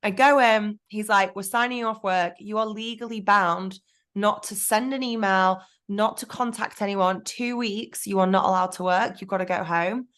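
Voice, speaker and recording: Casting: woman, podcast guest, candid and animated storytelling, mid pitch. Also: normal speed. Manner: frank, animated storytelling with self-talk asides.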